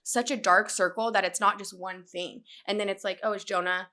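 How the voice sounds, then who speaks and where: A woman's voice: mid-range voice, fairly even intonation, fairly quick, sharp tone. A young adult woman speaking candidly and with feeling as a guest in a casual podcast conversation, full of fillers. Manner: candid, emotional, many fillers.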